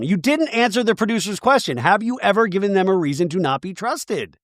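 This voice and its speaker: A man's voice: high-pitched, lively intonation, a little fast, no room sound, studio quality. A podcast host, a man, giving a catty, sarcastic comedic recap of a TV show.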